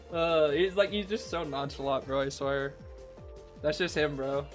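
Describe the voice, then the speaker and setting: A young man streaming and co-casting an esports match in excited, casual commentary. He repeats himself, laughs often and keeps saying "bro.". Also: a little high, takes it slowly, soft background music.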